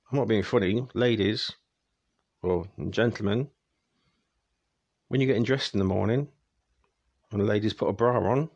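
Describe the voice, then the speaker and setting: A man's voice: fairly low pitch, normal speed, pauses often, a little mellow, no echo. A young man ranting in a casual, exasperated monologue to his viewers, speeding up when annoyed. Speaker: vlogger.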